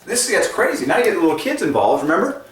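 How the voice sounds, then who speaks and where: A man hosting a casual explanatory monologue in a playful, animated way, often chuckling at his own asides. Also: high voice, fast talker. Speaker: channel host presenting number patterns. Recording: echoey room, mic set at a distance.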